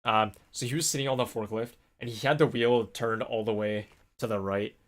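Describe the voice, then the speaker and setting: A man vlogging in a casual, rambling storytelling way, animated when he quotes people. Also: mid-range voice, a little fast. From North America. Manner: rambling, animated when quoting others, laughs often.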